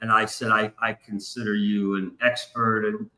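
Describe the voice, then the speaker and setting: A man's voice: fairly low pitch, little pitch movement, normal speed, bright, forceful tone, roomy sound, poor audio. A man hosting a casual live stream, telling a long rambling story and swearing freely. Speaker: stream host. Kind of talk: casual chat.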